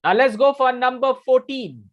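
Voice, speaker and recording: A man's voice: extremely high pitch, normal speed, muffled recording. A man with an Indian English accent teaching a live online English lesson. He is emphatic, repeats key phrases and quizzes his students. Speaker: English communication coach.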